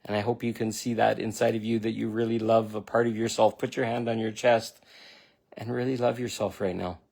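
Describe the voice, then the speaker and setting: A man's voice: on the low side, flat delivery, a little fast, creaky, darkish tone, breathy edge. A middle-aged man speaking as a spiritual self-help speaker, earnest and repetitive, talking straight to the listener in an emotional motivational monologue. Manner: earnest, repetitive, near tears at times; affirming, speaks directly to the listener.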